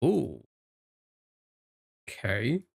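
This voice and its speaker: A man with a mid-pitched voice chatting casually on a live stream. He thinks out loud as he guesses and jokes with his viewers, and his voice sounds close and dry with no room around it. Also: wildly swooping pitch, drawn-out words, vocal fry, husky, dry recording. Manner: thinks aloud while guessing, chatty and joking with chat.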